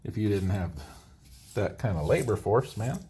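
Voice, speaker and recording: A fairly low-voiced man who talks casually while he works on a building project. His pitch swings widely as he rambles and gets outspoken, and he often jokes about himself. A faint background noise sits under his voice. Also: animated, moderate pace, mellow. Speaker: DIY builder host.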